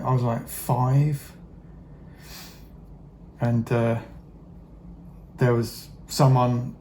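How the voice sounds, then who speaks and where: A man's voice: medium pitch, flat delivery, a little slow, pauses often, warm tone, slight background noise. A middle-aged man chatting casually while he paints miniatures, rambling with many fillers, wry asides and the odd swear word. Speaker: hobby vlogger painting miniatures.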